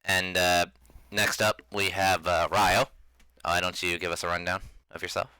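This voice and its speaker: Chill guy hosting a tabletop game, low voice, bright tone, dry room. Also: flat delivery, normal speed, smooth, no room sound, low-quality recording. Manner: laid-back, laughs often, many fillers. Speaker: game master and host. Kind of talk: casual chat introducing a tabletop game.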